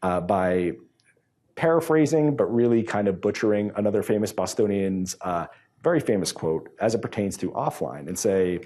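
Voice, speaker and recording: A man's voice: fairly low pitch, expressive, normal speed, dark tone. A man from New England giving a casual conference talk and taking questions, with many fillers and restarts. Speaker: conference speaker. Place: conference room.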